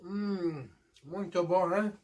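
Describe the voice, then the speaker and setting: A middle-aged Portuguese man from Madeira hosts a casual eating video, his voice sitting fairly high for a man. He flips between Portuguese and English and keeps checking in with the audience with little "eh?" and "yeah?" tags. Long "mm" sounds come through while he eats. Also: slow, a little mellow. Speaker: mukbang host.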